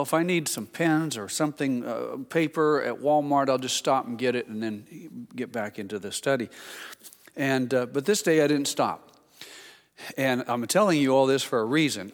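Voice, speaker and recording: A pastor telling a chatty, excitable story during a sermon. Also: male voice, mid-range voice, big-room sound.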